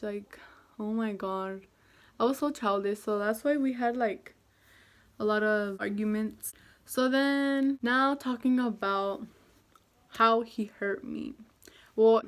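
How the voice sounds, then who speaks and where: A woman's voice: fairly high pitch, a little slow. Chatty young woman telling a breakup story. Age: young adult. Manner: chatty, filler-heavy, self-deprecating. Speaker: vlogger. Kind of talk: casual storytime vlog.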